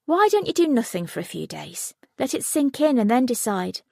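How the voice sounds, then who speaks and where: A pushy teenage girl who likes to be in control, talking insistently and pitched high, as a woman reading an audiobook puts her on. The voice rises sharply when she presses her point, recorded dry and close. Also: sing-song, normal speed, gravelly, warm tone, dry recording, heavily acted. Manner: insistent, persuasive.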